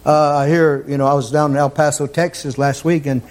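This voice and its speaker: A man preaching a fervent sermon in a church, sometimes rising to shouts. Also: a little high, flat delivery, a little fast.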